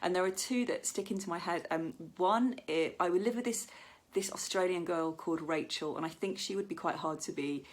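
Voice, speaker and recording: A woman's voice: on the low side, a little fast. A woman performing a stand-up comedy set, telling chatty stories and acting out the voices of people she quotes.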